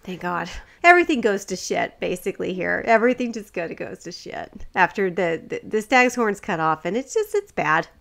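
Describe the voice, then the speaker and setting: A woman's voice: on the low side, lively intonation, brisk, vocal fry, a bit bright. A woman co-hosting a podcast, recapping a film in casual chat with frequent laughs and swearing. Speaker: podcast co-host.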